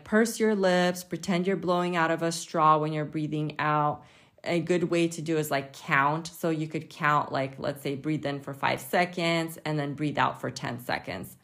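A woman hosts a health podcast in an easygoing, conversational way. Her voice sits slightly on the lower side, and she rambles informally with casual fillers. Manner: chatty and informal, with frequent fillers and light laughs. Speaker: podcast host.

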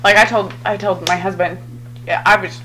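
A woman's voice: mid-range voice, fairly even intonation, normal speed, poor audio. A woman hosting a podcast in casual chat, talking bluntly and swearing freely. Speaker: podcast host.

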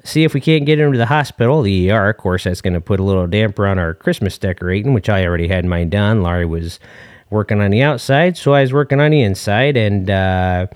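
A man's voice: fairly low pitch, fast, smooth, no echo, clean studio sound, natural voice. A man playing a long-winded, folksy dad calling in to a comedy podcast, rambling with fillers and corny jokes. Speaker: caller. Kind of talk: comedic call-in character bit.

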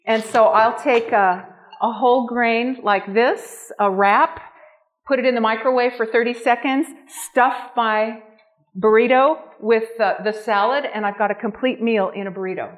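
Upbeat woman instructor, slightly high voice, gushes through a live cooking demonstration for a class. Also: fairly even intonation, moderate pace. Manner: enthusiastic, gushing. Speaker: nutrition class teacher.

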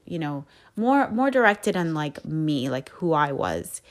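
A woman with a lowish voice speaks slowly and unhurriedly, sharing personal reflections as a podcast host. She talks softly and candidly, pausing and circling back as she searches for the right words. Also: sing-song. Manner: soft-spoken, candid, searching for words with many pauses.

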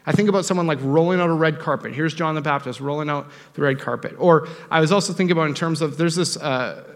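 A young male pastor delivers a lively, joking sermon in a conversational tone. His voice sits a little high with a gravelly edge. The sound carries a long reverb from a church sanctuary. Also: fast talker. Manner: animated, joking, conversational preaching.

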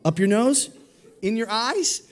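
A man with a high, sing-song voice takes his time delivering a children's sermon in a church sanctuary. He keeps it playful and jokey, leading the congregation in repeat-after-me calls and call-and-response.

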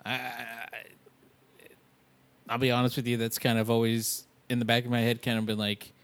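A man's voice: medium pitch, monotone, normal speed, long pauses. A man hosting a podcast in casual chat, laid-back and laughing often. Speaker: podcast host.

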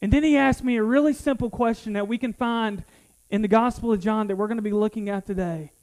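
A man's voice: sits high, fast talker, a little mellow, low-quality recording. A middle-aged man, a pastor, preaching a sermon in an earnest, personal way and often repeating words as he restarts a thought.

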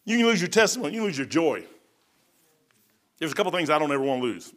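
A man's voice: a little high, big pitch swings, fast, long pauses. Folksy man preaching a sermon. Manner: folksy, repeats phrases, says "man" often. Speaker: pastor. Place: church.

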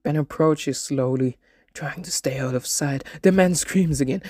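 A man narrating an absurd comedic story in a deadpan way, voicing every character himself. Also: on the high side, normal speed, no room sound, studio quality.

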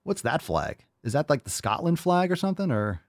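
Sarcastic man with lively, swinging delivery. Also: on the high side, brisk, no room sound, clean studio sound. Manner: mocking, sarcastic, profane, swings from loud outbursts to muttering. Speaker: podcast host. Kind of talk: sarcastic commentary reacting to a read-out article.

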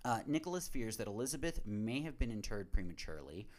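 A man's voice: lowish voice, very animated, quick pace, darkish tone. A man casually reading a movie synopsis aloud as a podcast host, swearing, rambling off on tangents and laughing between lines.

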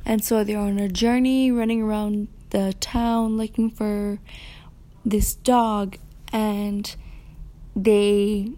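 A woman reading a novel chapter aloud for a podcast, pausing to comment on the story. Her delivery is soft and often half-whispered. The voice is mellow and dark in tone. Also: medium pitch. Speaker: student reader.

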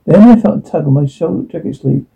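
A man's voice: on the high side, expressive, quick pace, creaky, warm tone, slightly rough. A man telling a rueful first-person story from his youth, self-deprecating in tone. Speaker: narrator. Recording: tinny phone-like line.

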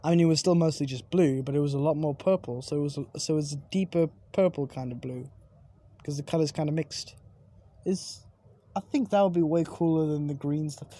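Husky-voiced young adult rambling casually. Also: mid-range voice, fairly quick, warm tone. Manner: rambling, swearing, many self-corrections. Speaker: vlogger. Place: outdoors at night overlooking buildings.

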